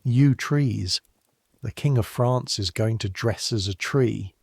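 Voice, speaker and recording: A man narrator voicing an excitable young male kitchen servant who talks with his mouth full, eager and bursting with news. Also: medium pitch, takes it slowly, gravelly, no room sound, clean studio sound. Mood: excited gossip.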